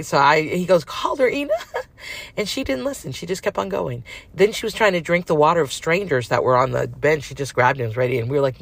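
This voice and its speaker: A woman's voice: sits low, dry recording. A middle-aged woman telling a long personal story in a casual, frank, rambling way with many fillers.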